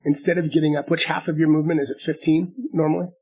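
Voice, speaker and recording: Male game master, gravelly and husky, a little high, patient rules explainer. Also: level tone, fast, a little mellow. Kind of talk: narrating a tabletop game.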